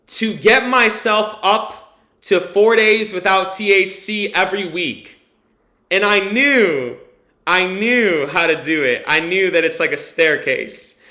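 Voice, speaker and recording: In an echoey room, this man talks unhurriedly in a high, pushed, bright voice with lively intonation. He's a vlogger giving a frank, meandering testimonial full of filler words and offhand cursing.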